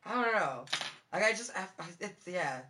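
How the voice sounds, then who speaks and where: A woman streamer chatting casually with her viewers, with a low-toned voice, rambling through fillers, swearing and giggling. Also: animated, normal speed, background noise. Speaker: live streamer.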